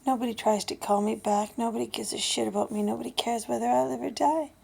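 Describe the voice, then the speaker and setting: Gravelly fifty-year-old woman, blunt and swearing. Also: fairly high pitch, fairly even intonation, quick pace. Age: 50s. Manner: blunt, heavy swearing, hushed and breathy then loud. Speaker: vlogger. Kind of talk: candid personal vlog.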